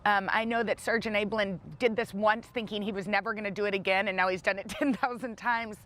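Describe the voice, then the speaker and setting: A woman's voice: medium pitch, fairly even intonation, fairly quick, fairly bright tone. A woman in her thirties co-hosting a morning TV show, telling her story eagerly and laughing often. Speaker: co-host.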